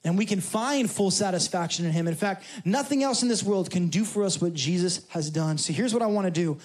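A man preaching a sermon as a church pastor, telling stories with animated, rising delivery. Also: brisk. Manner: animated storyteller, rising high when excited.

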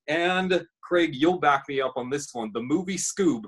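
A man running through TV picks in casual chat, animated and playfully dramatic. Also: on the high side, a little slow, breathy edge. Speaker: show panelist reviewing TV.

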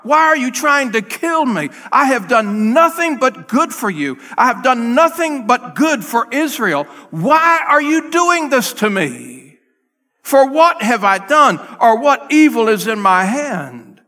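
A man's voice: very high voice, big pitch swings, takes it slowly, pushed and bright, long reverb tail, voice pushed up, full character voice. A man preacher voicing a young warrior who hollers across a gorge, pleading his case.

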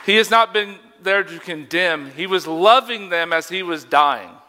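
A man's voice: sits high, unhurried, bright, forceful tone, in a large hall, some chatter behind. A young man preaching a sermon as a youth pastor, conversational and emphatic, asking rhetorical questions.

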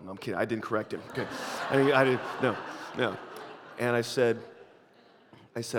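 A male preacher gives a sermon, falling to a hush and then rising to fervent urgency. His voice sits mid-pitched and rings out with the long echo of a large hall. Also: moderate pace. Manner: swings from hushed to fervent. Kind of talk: sermon with storytelling.

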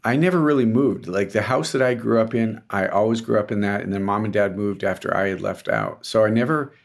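A man's voice: lowish voice, brisk, creaky. A man co-hosting a podcast in casual chat, with a dry, teasing, sarcastic manner. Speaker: podcast co-host.

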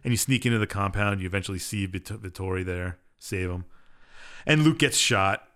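A man's voice: deep voice, moderate pace, a bit bright. A man co-hosting a podcast, casually retelling a game's story in an offhand, rambling way full of fillers. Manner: rambling and offhand, with many fillers and shrugging asides. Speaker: podcast co-host.

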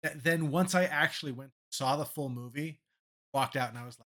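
A man's voice: on the high side, fairly quick, a bit bright. A man hosting a podcast in casual chat, keeping the show moving in an upbeat way. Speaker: podcast host.

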